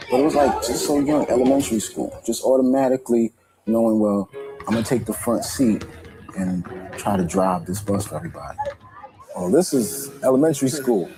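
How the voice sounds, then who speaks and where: A man from Brooklyn recalling his childhood in a documentary interview, slow and reflective. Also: medium pitch, low-quality recording.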